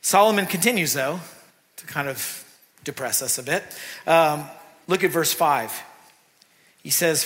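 A man preaching a sermon in a church, talking in a lively, conversational way with asides to the congregation. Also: a little high, measured pace, long pauses. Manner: animated, conversational preaching with asides and acted quotes. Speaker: pastor. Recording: long reverb of a church hall.

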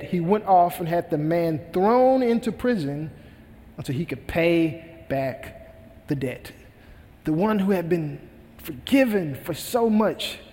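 A man's voice: a little high, a little mellow, in a large hall. A male pastor preaching a sermon, retelling a parable with earnest, emphatic repetition.

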